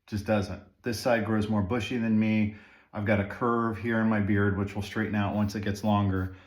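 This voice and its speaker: A man's voice: on the low side, little pitch movement, moderate pace. A man casually talking viewers through trimming his own beard at home, rambling with fillers and asides. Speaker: beard-grooming vlogger. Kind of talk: casual how-to talk while trimming. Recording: echoey room.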